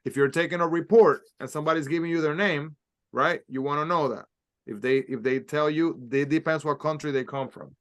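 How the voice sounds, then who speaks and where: A man teaching a Spanish class, slowly sounding out letters and words for his students to repeat. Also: on the high side, a bit bright. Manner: slow, carefully sounds out letters and words for repetition. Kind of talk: classroom language lesson.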